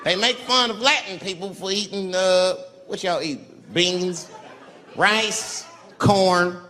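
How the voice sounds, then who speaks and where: Speaking slowly in a high-pitched voice, a male stand-up delivers a swaggering, profane story on a large stage, shifting abruptly between loud and quiet. Long reverb fills the live recording, with audience noise and some chatter in the background.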